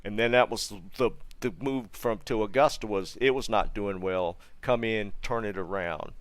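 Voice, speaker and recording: A man's voice: lowish voice, normal speed, dry recording. Rambling American man telling a story. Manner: rambling, full of restarts and asides to chat. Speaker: gaming streamer. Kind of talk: casual storytelling while streaming.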